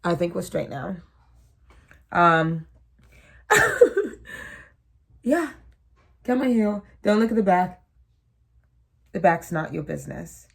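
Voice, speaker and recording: A woman's voice: on the low side, lively intonation, unhurried, creaky, long pauses, breathy edge. A woman in her twenties chatting casually to the camera, rambling and joking at her own expense. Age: 20s. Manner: chatty, self-mocking, trails off into asides. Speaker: vlogger.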